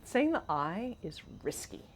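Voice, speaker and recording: A woman co-hosting a podcast, animated and questioning, explaining ideas like a teacher. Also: medium pitch, measured pace, a little hiss or hum. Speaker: podcast co-host. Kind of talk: casual conversation.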